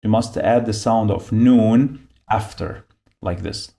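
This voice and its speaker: A man's voice: lowish voice, slow, creaky, warm tone. A man giving a beginner phonics lesson, repeating each sound and syllable patiently as he explains the marks. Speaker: Arabic teacher.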